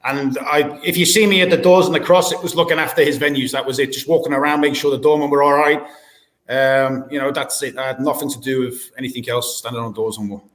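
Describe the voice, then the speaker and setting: A man's voice: medium pitch, fairly even intonation, fast talker, fairly bright tone, reverberant. An Australian man, a former doorman, telling blunt, swear-filled stories and acting out old arguments in a casual podcast chat. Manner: blunt, swearing, acts out quotes. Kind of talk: casual storytelling.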